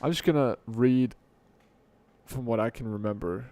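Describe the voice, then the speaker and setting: A man's voice: mid-range voice, normal speed, warm tone, slight background noise. Rambling young man hosting a podcast. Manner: rambling, self-correcting, joking at himself. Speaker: podcast host. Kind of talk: unscripted solo podcast talk. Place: home room at night, dim light. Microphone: desk mic.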